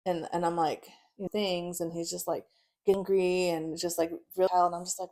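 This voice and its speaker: A woman's voice: fairly low pitch, little pitch movement, moderate pace, darkish tone. A young woman guest telling her life story in casual chat, swearing freely, acting out quotes and laughing often. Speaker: podcast guest.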